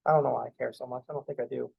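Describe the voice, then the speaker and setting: A man's voice: medium pitch, steady tone, rapid-fire, creaky, husky, phone-quality sound. A young man lecturing math to a class, joking and rambling off topic, swearing casually as he goes.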